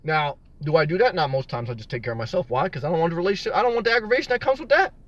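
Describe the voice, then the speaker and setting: A man's voice: fairly high pitch, expressive, rapid-fire, a bit bright, muffled recording. A man live-streaming from his car, reading viewer comments aloud and rambling and joking about being single. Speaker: vlogger answering live chat. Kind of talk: casual live-stream chat. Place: in his car in a parking lot.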